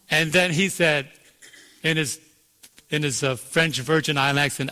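A man's voice: a little high, fairly even intonation, moderate pace, bright, forceful tone. A man preaching a sermon, telling a story and drawing out key words, asking the congregation to fill in answers. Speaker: pastor. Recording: long reverb of a large hall.

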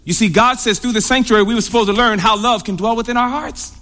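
A man's voice: very high voice, pushed and bright. A male preacher delivering a sermon, stretching out phrases and drawing answers from the congregation. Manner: call-and-response, asking the congregation to answer; drawn-out emphatic delivery with big swings. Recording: reverberant hall.

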